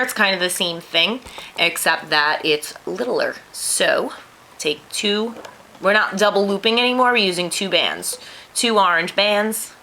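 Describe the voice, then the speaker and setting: A woman's voice: medium pitch, bright, forceful tone, a little hiss or hum, low-quality recording. A woman with a New York accent giving a casual step-by-step craft tutorial, chatty and joking at her own slips. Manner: chatty, self-deprecating asides.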